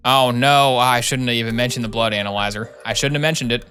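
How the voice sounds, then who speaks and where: A man's voice: mid-range voice, fairly even intonation, quick pace, bright, forceful tone. Brief: man streaming a game live, jokey self-mocking commentary, faint music behind. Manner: playful, self-mocking, reacting aloud.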